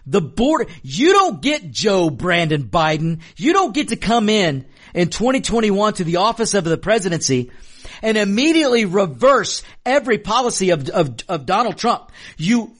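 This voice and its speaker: A man's voice: sits high, fairly bright tone. A man hosting a political commentary show, delivering an emphatic opinion monologue, passionate and repeating lines for stress. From Mexican American.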